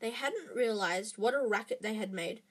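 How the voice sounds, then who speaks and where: A woman reading a children's book aloud in an expressive way, with small slips and restarts. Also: fairly high pitch, moderate pace, breathy edge. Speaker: reader.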